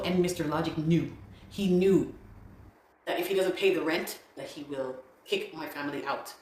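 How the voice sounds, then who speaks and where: Woman telling her story, lowish voice, voices the other people, gets real worked up, echoey room. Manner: animated, quotes others in dialogue, rising to exasperated outbursts. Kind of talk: emotional personal storytelling.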